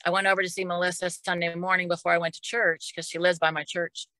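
A woman's voice: on the low side, little pitch movement, fast talker, bright, forceful tone, no echo, rough recording. A middle-aged woman, a podcast guest, telling a personal story in a casual, emotional way and often repeating words. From Oklahoma.

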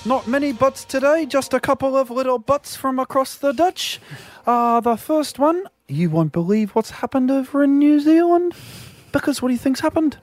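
A man co-hosting a radio show, bantering in a teasing, playful way with loud exclamations. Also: very high voice, normal speed, no room sound, faint music behind. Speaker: radio co-host.

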